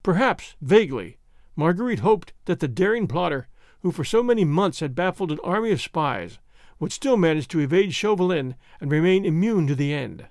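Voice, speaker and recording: A man narrating a classic novel as an expressive audiobook reading. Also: on the high side, moderate pace, dry recording, studio quality. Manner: expressive storytelling.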